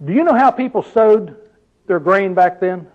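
A man's voice: high-pitched, lively intonation, moderate pace. An older man preaching a sermon in a conversational way, often asking his listeners questions. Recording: dull lo-fi recording.

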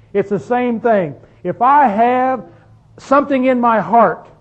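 A man with a high voice preaches a sermon, firing rhetorical questions at his listeners and stretching out the phrases he wants to land. The recording is dull and lo-fi. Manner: emphatic, rhetorical questions to the congregation; drawn-out stress on key phrases.

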